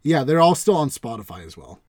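A man's voice: a little high, very animated, fairly quick, dry recording, clean studio sound. A young man co-hosting a casual podcast, talking frankly and swearing casually. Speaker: podcast co-host.

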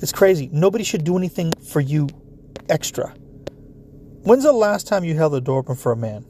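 Talking fairly quickly in a slightly high voice, a lone commentator rants bluntly and profanely, addressing listeners head-on with lots of cursing and plenty of animation. Slight background noise is audible.

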